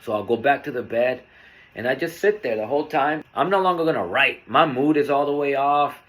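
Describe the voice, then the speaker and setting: A man hosting a podcast, telling a personal story in a candid, earnest, unhurried way. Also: medium pitch, fairly bright tone. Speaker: podcast host.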